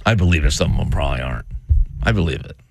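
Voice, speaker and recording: A man's voice: rumbling low, animated, rapid-fire, gravelly, no echo, studio quality. A man hosting a radio show, needling his co-host in casual teasing banter.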